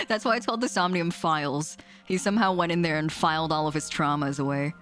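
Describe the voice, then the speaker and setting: A woman's voice: deep voice, a little fast, a bit bright, soft background music. A woman streaming a game, commenting in a chatty, rambling way and giggling often. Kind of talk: casual live-stream commentary.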